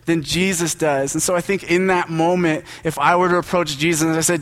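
A man's voice: a little high, fairly even intonation, fairly bright tone. A young man giving a casual, joking sermon as a preacher, talking to the congregation like friends. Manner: conversational and joking, with quick asides.

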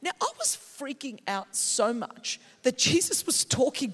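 An Australian woman preaching a sermon, telling stories with passion and breaking into shouts. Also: high-pitched, big pitch swings, moderate pace, hardly any pauses. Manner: passionate, storytelling, bursts into shouts. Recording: long hall reverb in a big venue.

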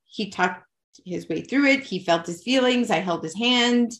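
A woman's voice: a little high, animated, unhurried, a bit bright. A woman talking as a podcast guest from home, candid and chatty, with an emotional, self-mocking way of talking. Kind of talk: candid personal conversation.

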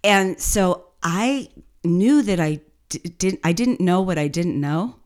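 Her voice is fairly low and darkish, her intonation lively, and she takes things slowly. She's a business podcast co-host recounting her story in a laid-back, conversational way full of fillers and light laughter.

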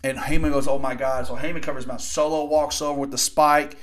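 A man in his twenties hosting a podcast, casually recapping wrestling in a rambling, excitable way with some swearing. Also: a little high, fast talker. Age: 20s. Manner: rambling, excitable, profane storytelling. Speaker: podcast host.

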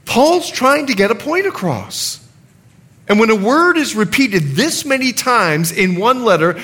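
A man's voice: high voice, a bit bright. A middle-aged man preaching a sermon as pastor, reading scripture aloud with emphasis.

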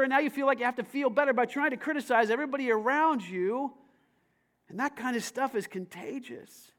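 High-voiced preaching man, hushed to shouting. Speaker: pastor. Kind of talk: sermon.

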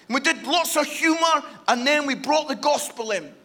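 Animated preacher, very high bright voice, playful storyteller who talks to the room. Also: male voice, normal speed. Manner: animated, playful, addresses the audience directly. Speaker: guest preacher. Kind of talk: humorous storytelling sermon.

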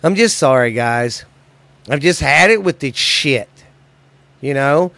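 A man hosting a podcast, ranting in a profane, agitated way that swings between loud and quiet. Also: mid-range voice, lively intonation, slow pace, gravelly, dry recording. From United States. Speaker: podcast host. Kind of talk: angry solo podcast rant.

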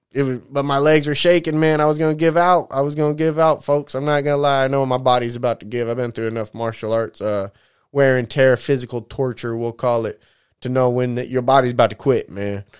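A man in his thirties rambles through a casual vlog, speaking candidly and emotionally and wandering from one tangent to the next. His voice is smooth and clear at a medium pitch. He swears freely and keeps calling his listeners "man" and "folks.". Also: steady tone, fairly quick. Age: 30s. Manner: rambling, drifts off topic, says "man" a lot. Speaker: vlogger.

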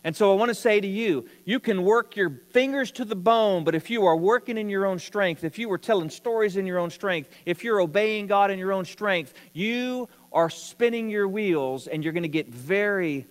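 High-voiced man preaching in a hall. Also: moderate pace, hardly any pauses. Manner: storytelling preaching with rising emphasis. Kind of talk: sermon.

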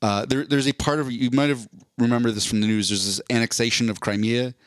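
A man's voice: mid-range voice, steady tone, fairly quick, dry recording, clean studio sound. Rambling man explaining in a casual podcast. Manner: rambling, restarts often, explains at length. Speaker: podcast co-host. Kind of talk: casual chat.

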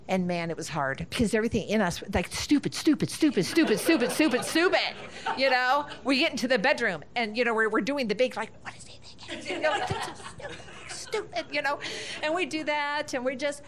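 Animated middle-aged woman telling a family story. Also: mid-range voice, a little hiss or hum. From Northern Ohio. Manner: animated, laughing, acts out family dialogue. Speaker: guest speaker. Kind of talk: storytelling talk.

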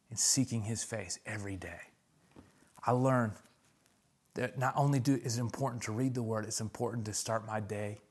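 A man preaching a sermon as pastor, calling out "come on" and pressing his points with rising intensity. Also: fairly low pitch.

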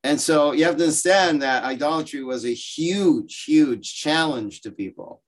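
Storytelling rabbi teaching over video call. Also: male voice, a little high, normal speed. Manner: lively storytelling, explaining with asides and quoted voices. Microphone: video call microphone.

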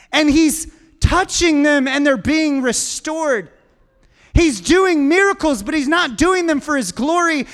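A man's voice: very high-pitched, a bit bright. A man preaching a sermon to a congregation, building emphatic lists and calling on the listeners to answer back. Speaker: pastor.

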